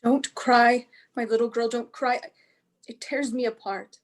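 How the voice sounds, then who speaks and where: A woman reading the part of a gentle older sister, speaking softly and reassuringly. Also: on the high side, steady tone, measured pace, natural voice. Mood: consoling. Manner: soft, soothing, reassuring. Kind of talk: staged play reading.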